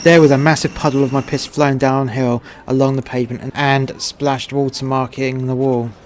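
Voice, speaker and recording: Flat-voiced English man, blunt narration. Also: medium pitch, moderate pace, slight background noise. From England. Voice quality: crude, blunt. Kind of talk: scripted narration of a short story.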